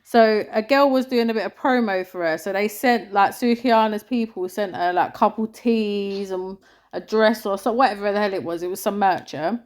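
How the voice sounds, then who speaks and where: A woman's voice: mid-range voice, normal speed, a little mellow. A woman co-hosting a podcast, telling stories in a chatty, slangy way. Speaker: podcast co-host. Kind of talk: casual chat.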